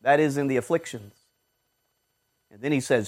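A man preaching a sermon, fervent, swinging from loud exhortation to low murmurs and acting out short quoted voices. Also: normal speed, pauses often.

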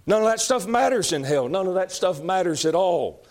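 A man preaching a fiery sermon, emphatic and repetitive, rising to shouts. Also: high-pitched, animated, moderate pace. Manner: folksy, emphatic, shouting at peaks, repeats lines.

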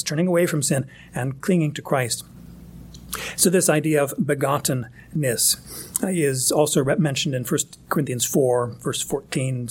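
A man's voice: on the high side, breathy edge. A man preaching a sermon in a conversational, emphatic way, often restarting his phrases. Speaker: pastor.

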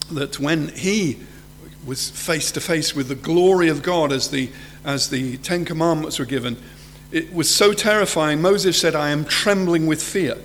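Preacher, male, high voice, earnest sermon, recorded in a reverberant hall. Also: a bit bright, slight background noise. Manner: earnest, rises high to act out quoted fear.

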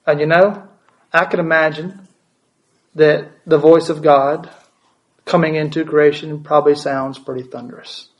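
Male pastor, slightly high-pitched, preaches with questions and repetition. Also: steady tone, measured pace, rough recording. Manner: asks the congregation questions, repeats words for emphasis. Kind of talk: sermon.

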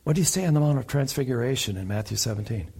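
A man preaching an expository sermon to a congregation, asking them questions and swinging between loud emphatic rises and quiet low asides. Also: animated, rapid-fire, gravelly, breathy edge. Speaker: pastor.

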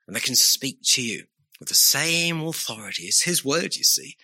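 A man's voice: medium pitch, expressive, moderate pace, creaky, sharp tone, breathy edge. A man preaching a sermon, pressing his listeners with earnest, pleading rhetorical questions.

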